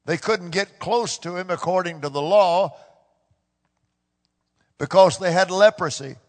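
A high-pitched man preaches at an unhurried pace from the pulpit of a church. His voice rises into loud, shouted peaks and falls back again. The sound carries a long reverb from the large hall around him. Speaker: pastor. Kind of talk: sermon. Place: church sanctuary.

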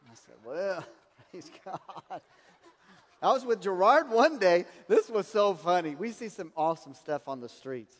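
A man's voice: sits high, animated, moderate pace, few pauses, in a large hall. A man preaching a sermon, telling personal stories and laughing at his own anecdotes.

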